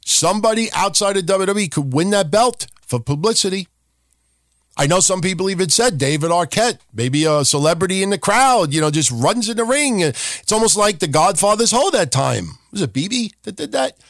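Podcast host guy ranting, swears a lot, mocks stuff, fairly high voice, dry mic. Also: lively intonation, normal speed, fairly bright tone, no room sound. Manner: profane, sarcastic, acts out mocking impressions. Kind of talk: casual rant.

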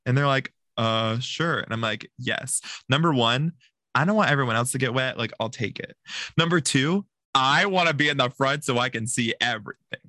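Male podcast guest, animated storyteller, bright tone, plays out the quotes. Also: medium pitch, a little fast, no echo. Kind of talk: casual podcast chat.

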